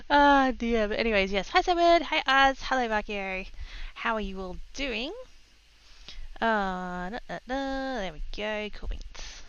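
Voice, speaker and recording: A woman's voice: fairly high pitch, expressive, measured pace, a bit bright, clear, resonant tone, muffled recording. Bubbly Australian woman on a headset. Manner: bubbly, giggly, exclamatory. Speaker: craft livestreamer. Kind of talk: casual livestream chat greeting viewers.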